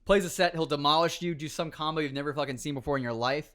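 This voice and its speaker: A man's voice: on the high side, fast talker, fairly bright tone. A young man, a podcast guest, telling stories in casual chat, acting out other people's lines and swearing freely. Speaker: podcast guest, former pro gamer.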